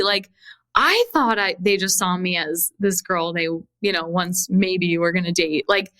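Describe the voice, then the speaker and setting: A young woman hosting a podcast, telling a personal story in a candid, animated way, acting out dialogue and swearing freely. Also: mid-range voice, a little slow, no echo. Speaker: podcast host and coach.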